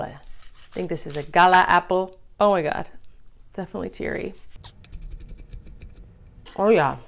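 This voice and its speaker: A woman's voice: on the low side, measured pace, pauses often. A woman making a salad on camera, gushing over the food, exclaiming and humming her approval as she works. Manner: murmurs and hums of approval. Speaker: cooking vlogger. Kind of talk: casual cooking demonstration.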